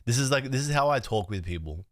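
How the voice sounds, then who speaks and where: A man's voice: mid-range voice, animated, quick pace, no room sound, studio quality. A man with a sick, nasal, congested voice, chatting loosely as a livestream host and joking with his chat. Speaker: streamer.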